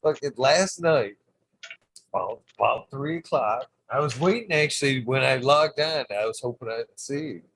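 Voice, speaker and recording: A man's voice: mid-range voice, moderate pace, fairly bright tone, slight background noise, low-quality recording. A man hosting his own channel, telling a rambling, swear-heavy story in casual vlog style. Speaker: channel host.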